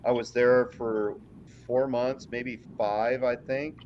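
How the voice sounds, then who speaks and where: A man, a military veteran, recounting his service in a rambling, halting way during casual chat. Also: medium pitch, fairly even intonation. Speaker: military veteran podcast guest. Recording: dull lo-fi audio with faint noise.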